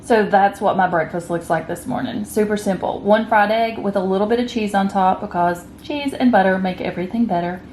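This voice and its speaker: A woman's voice: medium pitch, a little fast, few pauses, a little mellow, slight background noise. A woman, chatting casually to camera about her day and food, upbeat and addressing viewers directly. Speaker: keto vlogger. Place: at home, partly outdoors.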